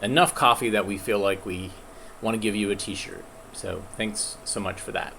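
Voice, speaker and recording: Man, film stream host, casual, hesitant, many fillers, lowish voice, faint background hum. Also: steady tone, moderate pace, vocal fry, bright, forceful tone. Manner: hesitant, filler-laden, self-deprecating. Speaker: host presenting films. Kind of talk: casual live-stream chat.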